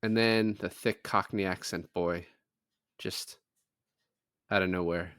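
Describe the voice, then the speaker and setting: A man's voice: deep voice, steady tone, slow pace, a bit bright, no echo, clean studio sound. A man co-hosting a casual movie review podcast, loosely recapping the plot and joking about the characters. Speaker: podcast co-host.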